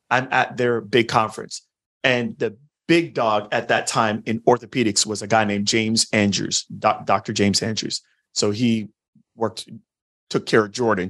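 A man's voice: lowish voice, fairly bright tone. A chatty male podcast host. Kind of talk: casual interview chat.

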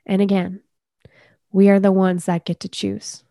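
A woman coach speaking as a podcast guest, earnest and measured as she talks about inner healing. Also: mid-range voice, flat delivery, gravelly, warm tone, dry recording, studio quality. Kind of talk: reflective conversational interview.

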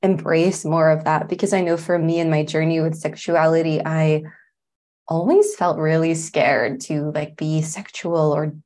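Effusive woman podcast host, lowish voice. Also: steady tone, a little slow, a little mellow. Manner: effusive, swears casually. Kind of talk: casual conversational interview.

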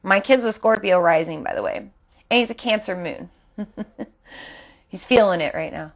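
A woman's voice: on the low side, animated, unhurried. A woman in her thirties hosting an astrology livestream, talking casually and loosely, often tagging "right?" onto her sentences. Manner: chatty, loose, lots of "like" and "right?". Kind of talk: casual spiritual talk on a livestream. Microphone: phone or laptop mic. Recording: slightly dull livestream audio.

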